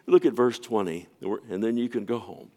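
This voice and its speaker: A man with a somewhat low voice preaches a sermon as pastor. He tells the story in a personal way, often dropping to a hushed, nearly whispered tone with stammered restarts. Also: normal speed.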